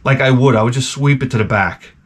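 A man hosting a video, telling a rambling, profane story full of restarts and acting out quoted people in a higher voice. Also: fairly quick, a bit bright. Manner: jumps up in pitch to act out quoted people. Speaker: video host. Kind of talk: casual rambling anecdote.

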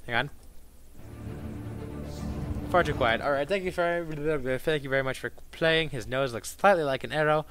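A man commentating on his own gameplay, swearing a lot and making sarcastic, excitable remarks. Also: on the high side, normal speed, pauses often, over music. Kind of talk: profane let's-play commentary.

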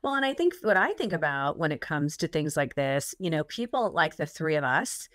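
A woman hosting an interview, asking questions in a relaxed conversational way. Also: sits low, moderate pace, dry recording, studio quality. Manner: conversational, asks questions, frequent agreeing. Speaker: host. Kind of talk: casual interview talk.

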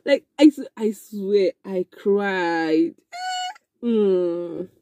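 A young woman telling a casual storytime, animated and excitable, with frequent exclamations. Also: medium pitch, extremely slow. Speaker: vlogger.

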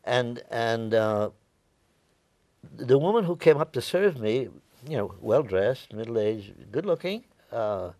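A man's voice: mid-range voice, expressive, slow pace, a little mellow, no room sound. A man in his nineties from New York, a war veteran telling his stories in an oral history interview, rambling and repeating his words. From New York, United States. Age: 90s.

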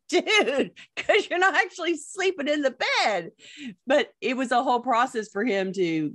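A woman podcast host and professional organizer, chatting casually, telling stories and laughing often. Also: lowish voice. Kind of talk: casual chat.

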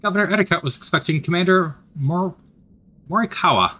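A man voicing a calm, firm colony official in a narrated story game. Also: high-pitched, brisk, voice pushed up. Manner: firm, diplomatic.

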